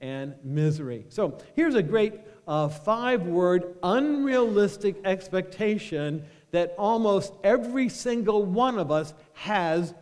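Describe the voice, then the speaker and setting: A man preaching a sermon as pastor, animated and drawing the congregation into call-and-response. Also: high voice, in a large hall. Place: church sanctuary.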